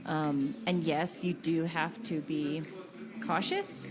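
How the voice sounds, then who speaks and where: A woman's voice: low-pitched, fairly even intonation, slow pace, a crowd in the background. An American woman co-hosting a podcast, talking in casual chat, giggly and candid. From United States. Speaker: podcast co-host.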